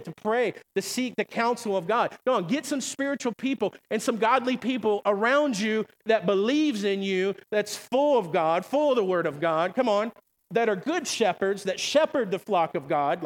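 High-voiced fervent male pastor preaching. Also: big-room sound, rough recording. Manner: fervent preaching with repeated "come on" and call-and-response questions. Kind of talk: sermon.

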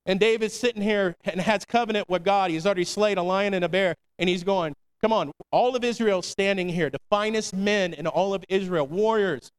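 Pastor guy preaching, pretty high voice, super clear, keeps saying come on. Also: brisk, hardly any pauses. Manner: preachy call-and-response, repeating "come on"; conversational, slangy asides. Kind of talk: sermon.

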